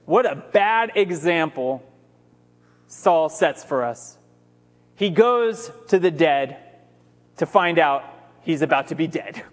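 High-voiced preacher in a reverberant hall. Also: male voice, animated, slow pace, long pauses. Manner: conversational, emphatic storytelling. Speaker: pastor. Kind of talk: sermon.

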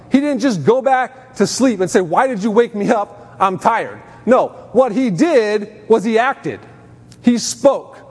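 High-voiced preacher in a reverberant hall. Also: male voice, darkish tone. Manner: emphatic, rises in pitch for quoted commands. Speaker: pastor. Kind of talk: sermon.

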